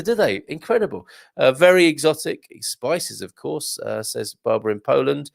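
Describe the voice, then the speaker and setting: A male host chatting casually on a live show, reading out viewers' comments and joking back at them. His voice has a gravelly edge. The sound is dry, with no room echo. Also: medium pitch, expressive, normal speed. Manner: chatty, jokey, with frequent fillers and restarts; reads viewer comments aloud.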